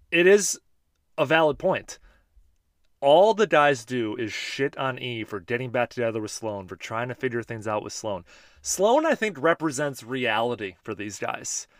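A man's voice: medium pitch, a bit bright, dry recording, clean studio sound. A man in his thirties hosting a podcast, chatting casually and joking while he answers listener voice memos. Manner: laid-back, chatty, joking. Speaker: podcast host.

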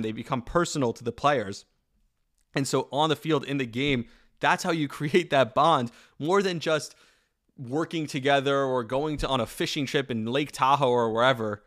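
A man hosting a podcast, talking about football in an animated, opinionated way with quick asides and restarts. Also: mid-range voice. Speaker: podcast host. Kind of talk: casual sports talk.

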